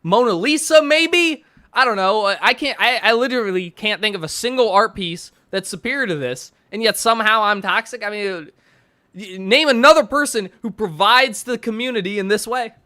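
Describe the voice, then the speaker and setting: A man's voice: high voice, a little fast, pushed and bright. A man streaming from his bedroom, reacting to posts with sarcastic, mocking commentary and frequent laughter.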